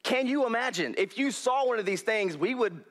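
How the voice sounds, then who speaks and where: A young male preacher, giving a folksy, animated sermon in a church hall on a headset mic and laughing often. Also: very high-pitched, moderate pace.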